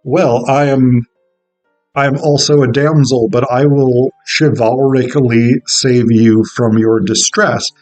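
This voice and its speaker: A man's voice: medium pitch, steady tone, slow pace, a little mellow, soft background music, natural voice, low-quality recording. A man voicing an earnest young noble maiden who offers to rescue someone, in a mock-gallant tone.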